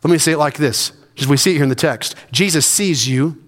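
A man's voice: a little high, fairly quick, long reverb tail. A man preaching a sermon as senior pastor, building emphasis through repeated phrases. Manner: preaching with rising emphasis and repetition. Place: church sanctuary.

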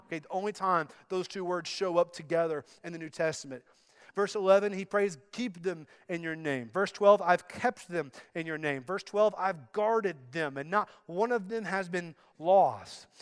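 A man pastor preaching a sermon, emphatic and slowing down to stress quoted verses. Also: sits high.

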